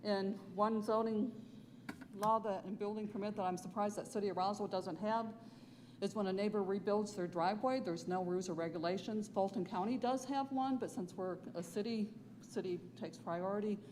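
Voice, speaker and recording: A woman's voice: medium pitch, steady tone, moderate pace, darkish tone. A woman earnestly explaining a neighborhood concern during public comment at a council meeting. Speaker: resident speaking at public comment. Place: council chamber. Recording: meeting hall mic with long reverb and faint noise.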